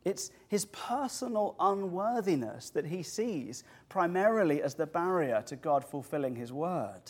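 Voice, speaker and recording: Humorous, lively male preacher. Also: a little high, unhurried, few pauses, breathy edge. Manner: humorous, animated storytelling with asides. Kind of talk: sermon.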